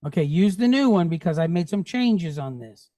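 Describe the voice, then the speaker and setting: A man's voice: on the high side, expressive, normal speed, mellow, dry recording. A man teaching a Hebrew class, patiently drilling sounds and checking that students follow. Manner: patient, checks understanding often; drills pronunciation aloud.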